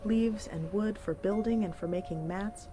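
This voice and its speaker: A woman narrates a folk tale in a gentle, clear storybook manner. Her voice sits at an ordinary middle pitch, with music playing steadily behind her. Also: normal speed. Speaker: narrator and cooking host.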